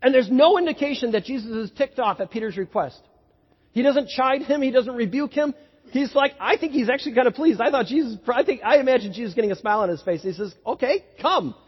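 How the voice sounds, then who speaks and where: A pastor delivers an animated sermon in a fairly high, husky voice. It sounds dull and lo-fi, with long echo from a large church hall. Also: male voice, quick pace. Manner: animated storytelling, building to excited peaks.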